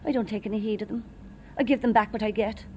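A woman's voice: mid-range voice, steady tone, fast talker, mellow, a little hiss or hum. A woman with an Irish accent who works in an office, talking in a blunt, matter-of-fact, spirited way. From Ireland. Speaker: office worker. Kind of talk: storytelling testimony.

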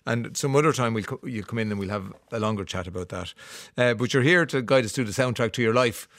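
A man's voice: medium pitch, quick pace, a bit bright, no room sound. A man hosting a radio interview, easygoing and laughing along, stumbling a little into his questions. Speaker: radio host.

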